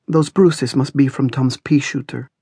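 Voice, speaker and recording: A man voicing a kind, protective woman caretaker who speaks gently and earnestly. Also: medium pitch, measured pace, dry recording, clean studio sound, pitched above the performer's own voice, lightly acted. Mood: tearful.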